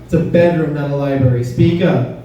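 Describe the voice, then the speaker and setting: Stand-up comic, male, mellow slightly high voice, heard from across a very roomy club. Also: fairly quick, muffled recording. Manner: conversational, crowd-teasing, punchy delivery. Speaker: stand-up comedian. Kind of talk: stand-up comedy set. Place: comedy club stage. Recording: roomy, distant club recording with faint noise.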